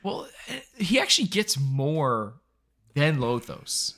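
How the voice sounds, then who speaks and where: A man's voice: on the high side, sing-song, takes it slowly, sharp tone. A man co-hosting a casual film review podcast, chatty and enthusiastic. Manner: enthusiastic, chatty, agreeing often. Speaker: podcast co-host.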